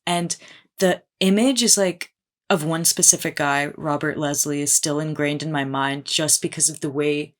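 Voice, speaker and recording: Young woman, very low voice, measured, analytical, reflective. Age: young adult. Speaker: artist, podcast guest. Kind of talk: reflective casual conversation.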